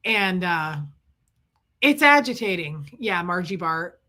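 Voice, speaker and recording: A middle-aged woman telling a story to her viewers. She is sick with chest congestion and rants in animated bursts, stopping to greet viewers by name. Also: on the low side, takes it slowly. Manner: ranting, animated storytelling, reading out viewer names. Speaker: livestream host. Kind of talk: casual chat to viewers.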